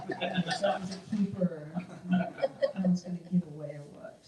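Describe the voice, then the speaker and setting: A woman's voice: on the low side, slow pace, pauses often, dull audio, a crowd in the background. A middle-aged woman performing a stand-up comedy set, talking conversationally and self-deprecatingly and laughing at her own jokes. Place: open mic comedy show. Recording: echoey room, mic at a distance.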